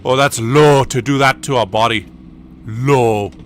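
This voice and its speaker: A man retelling a film scene, putting on an indignant old Irish man with a slightly raised, louder voice. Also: medium pitch, quick pace, a little hiss or hum, natural voice.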